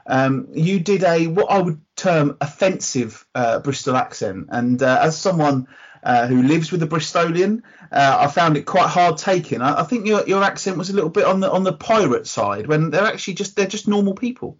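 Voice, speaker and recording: A man's voice: on the high side, expressive, normal speed, breathy edge. An Englishman co-hosting a podcast in casual chat, talkative and opinionated, given to ranting. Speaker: podcast co-host. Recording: dull lo-fi podcast audio.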